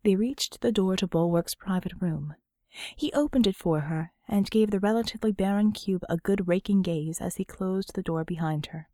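Woman narrating a book, steady and even, mid pitch, dry studio sound. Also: normal speed, no room sound. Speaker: audiobook narrator. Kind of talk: scripted narration.

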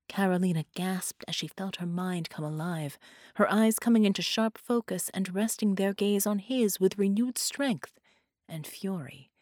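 A woman narrating an audiobook in a measured, unhurried reading. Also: lowish voice, darkish tone, no echo, studio quality. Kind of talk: scripted narration.

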